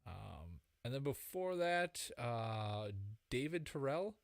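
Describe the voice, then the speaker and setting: A man chatting casually as a podcast co-host. He is halting and pauses as he reads names off a list. His voice sits at an average pitch, recorded dry and close. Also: sing-song, creaky, no echo. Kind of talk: casual chat.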